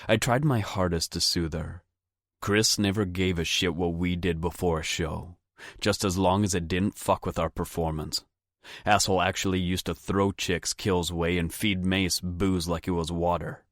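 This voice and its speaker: Deep-voiced man, first-person romance audiobook narrator, close dry studio sound. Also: steady tone, normal speed, a bit bright, no room sound. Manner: low, intimate, frequent swearing.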